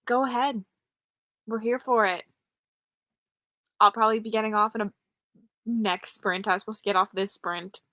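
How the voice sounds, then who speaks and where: A woman's voice: mid-range voice, fairly even intonation, normal speed, pauses often, pushed and bright, dry recording. A young woman hosting a late-night livestream, chatting casually with viewers and poking fun at herself. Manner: chatty, self-deprecating, answers chat. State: tired, up late. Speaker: livestream host. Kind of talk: casual live chat.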